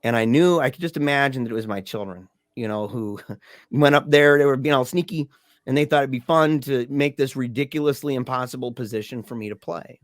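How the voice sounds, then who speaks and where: A middle-aged man speaks as a podcast guest in casual, halting storytelling, often restarting his sentences and laughing softly. His voice sits at an ordinary pitch. The recording is dry and close. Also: no echo.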